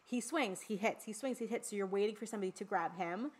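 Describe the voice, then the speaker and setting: A woman's voice: mid-range voice, fast, husky. Chatty woman podcast co-host. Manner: chatty, swears freely, lots of fillers. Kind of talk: casual chat about a horror film.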